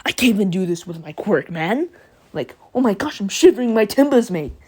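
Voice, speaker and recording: A woman voicing a hot-headed anime teen boy who shouts taunts. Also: medium pitch, very animated, brisk, husky, voice pushed up. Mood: shocked.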